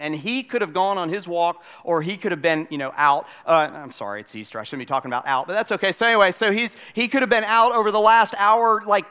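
A man in his forties preaching a sermon as pastor, moving between loud, lively storytelling and quiet, almost whispered appeals. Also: sits high, clean tone. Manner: swings from loud excited storytelling to hushed, near-whispered pleading.

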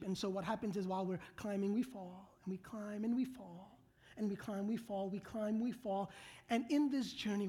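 A woman preaching a sermon, talking straight to her congregation and swinging from loud, emphatic lines to hushed whispers. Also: medium pitch, steady tone, normal speed, slightly rough. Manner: earnest, direct address to the congregation.

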